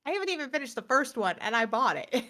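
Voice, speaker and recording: A woman's voice: high-pitched, big pitch swings, pushed and bright. A woman co-hosting a live gaming news stream, reading release blurbs and chatting with easy laughs. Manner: reads release blurbs, then chats with quick laughs. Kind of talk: casual live-stream chat.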